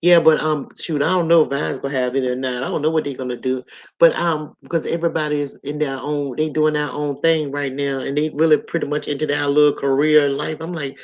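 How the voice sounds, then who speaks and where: A woman's voice: low voice, fairly even intonation, brisk, darkish tone, dull audio. A woman in her sixties hosting a casual live stream, chatting loosely with viewers and reading their comments out as she goes. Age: 60s.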